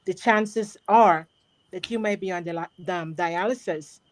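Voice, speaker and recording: A woman's voice: on the low side, a little slow. A woman hosting an interview, speaking in a hesitant, reflective way. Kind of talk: casual interview talk.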